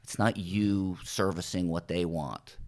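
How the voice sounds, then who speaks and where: A middle-aged man from New Jersey, a TV showrunner, telling animated stories in a podcast interview and acting out what people said. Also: sits low, unhurried. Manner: animated anecdotes, acts out quoted voices, swears casually. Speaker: TV writer and showrunner, podcast guest. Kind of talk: casual storytelling interview.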